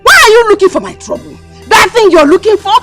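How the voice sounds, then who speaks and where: An actress with a Nigerian accent playing a combative, defiant housewife in a loud family quarrel. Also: female voice, extremely high pitch, lively intonation, fast talker, loud music behind the voice. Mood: threatening. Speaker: co-wife or sister-in-law in a family quarrel. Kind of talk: Nollywood film acting.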